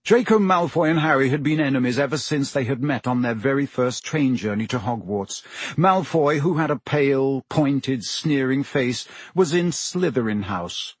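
A man narrating a novel as an audiobook in a steady, measured way. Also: medium pitch, husky, dry recording. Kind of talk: scripted narration.

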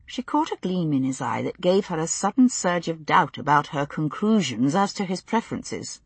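A woman narrating a novel as an audiobook, in a measured storytelling manner. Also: deep voice, very animated, husky, no echo. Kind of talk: scripted narration.

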